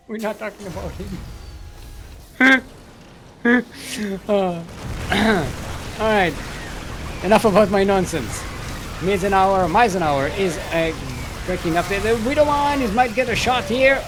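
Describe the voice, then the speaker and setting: A man's voice: high-pitched, a bit bright, slight background noise. A man casting a live strategy game tournament, giving running commentary in a goofy, playful way and laughing at his own jokes. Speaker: esports caster.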